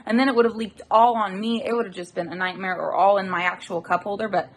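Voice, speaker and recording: A woman's voice: mid-range voice, steady tone, fast, slight background noise. A woman vlogging from inside her car on a handheld phone, chatting casually and venting her irritation, swearing freely. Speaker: delivery-driver vlogger. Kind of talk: casual chat to camera. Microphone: handheld phone camera.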